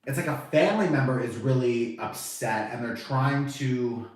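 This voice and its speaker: A man giving a casual, animated tarot reading to camera, chatty and swearing now and then, acting out the reactions he quotes. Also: medium pitch, moderate pace, distant mic. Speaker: tarot reader. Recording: very echoey room, voice off-mic.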